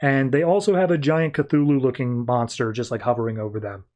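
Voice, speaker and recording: A man's voice: medium pitch, steady tone, a little fast, darkish tone, muffled recording. Man casually recapping comics. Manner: rambling, informal, many fillers. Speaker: podcast host.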